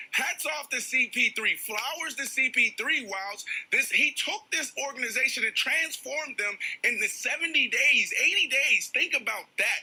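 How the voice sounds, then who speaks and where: A man's voice: extremely high pitch, sharp tone, breathy edge, rough recording. A male sports analyst on a debate panel, emphatic and punchy as he makes his case. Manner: emphatic, builds to punchy declarations.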